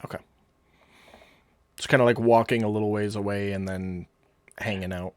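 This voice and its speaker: A man's voice: on the low side, steady tone, moderate pace, darkish tone, no echo. A man acting as game master, patiently explaining rules and describing the scene step by step. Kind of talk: running a tabletop game online.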